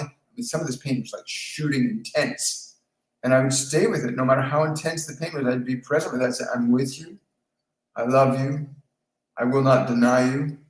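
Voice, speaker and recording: A man hosting a live spiritual Q&A, talking in a calm, repetitive coaching tone. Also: medium pitch, roomy sound, low-quality recording. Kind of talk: live-stream talk answering viewer questions.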